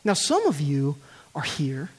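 Animated male preacher. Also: on the high side, measured pace, husky. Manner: earnest, emphatic, with rhetorical questions. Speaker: pastor. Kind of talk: sermon. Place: church.

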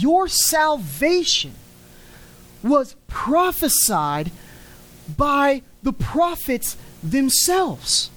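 A woman's voice: sits high, low-quality recording. A woman preaching a sermon in an emphatic way, stretching key words and letting her lines fall at the end. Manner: emphatic, drawn-out words with falling endings.

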